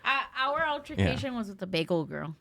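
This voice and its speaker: A woman in casual podcast chat, telling animated stories and mimicking other people. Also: mid-range voice, brisk, a crowd in the background. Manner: animated storytelling, swears, mimics voices.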